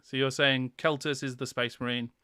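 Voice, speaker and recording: A man's voice: mid-range voice, flat delivery, moderate pace, bright, forceful tone, slight background noise. Giggly playful male quiz host. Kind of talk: casual livestream quiz hosting.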